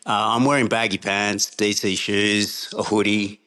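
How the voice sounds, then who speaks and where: A man's voice: on the low side, steady tone, a little slow, sharp tone. Australian man spinning a laughing yarn. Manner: rambling, laughs often while telling. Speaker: podcast guest. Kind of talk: casual anecdotal storytelling.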